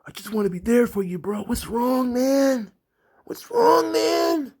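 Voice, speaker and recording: A man's voice: extremely high pitch, unhurried, darkish tone, voice pushed up, full character voice. A man putting on an eager, clingy surfer-dude wrestler who pleads in bro-speak. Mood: pleading.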